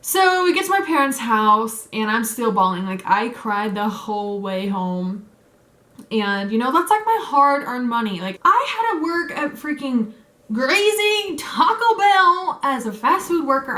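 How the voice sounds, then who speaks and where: A woman's voice: fairly high pitch, sharp tone. A young adult woman vlogger telling a story in a chatty way, full of "like" and "um", with a lot of feeling. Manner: chatty, fills with "like" and "um", emotional retelling. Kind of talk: casual story time. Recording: echoey room.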